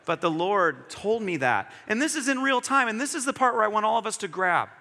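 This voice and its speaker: A man's voice: high voice, very animated, fairly quick, sharp tone. A man preaching a sermon as a pastor, telling a story animatedly and acting out the dialogue. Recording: long hall reverb.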